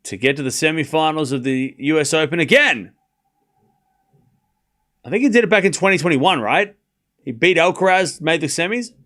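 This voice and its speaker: A male streamer runs a tennis watchalong, giving play-by-play and sarcastic banter with his chat while lurching from muttered scores to shouted calls. Slightly high-pitched and animated, he talks at a normal speed but leaves long pauses.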